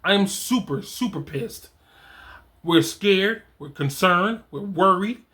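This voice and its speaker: A middle-aged man hosts a casual talk on fatherhood and reads from his own program. He is animated and conversational and often repeats or restarts his words. His voice sits high and sounds bright and forceful. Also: takes it slowly. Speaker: fatherhood coach and host.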